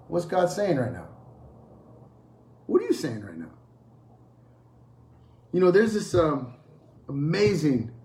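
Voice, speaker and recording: A man's voice: medium pitch, a little mellow, echoey room. A man preaching a sermon, emphatic and repetitive, firing off rhetorical questions. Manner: emphatic, repeats phrases and asks rhetorical questions.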